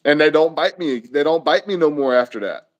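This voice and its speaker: A man's voice: a little high, a little fast, dull audio. A man co-hosting a podcast, talking in a blunt, emphatic, joking way in casual chat. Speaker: podcast co-host.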